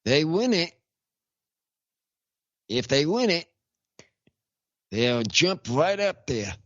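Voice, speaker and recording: A male talk show host with a lively, swooping pitch that rises and falls. He rambles, circles back and restarts his sentences. The sound is dry and slightly dull, like a low-fi stream. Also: dry recording. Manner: rambling, repeats himself, halting restarts. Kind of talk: casual chat. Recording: dull lo-fi audio.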